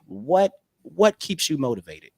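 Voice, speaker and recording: A man hosting a casual interview, relaxed and affirming, with loose slangy phrasing. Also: fairly high pitch, a little slow, no room sound, clean studio sound. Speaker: interview host.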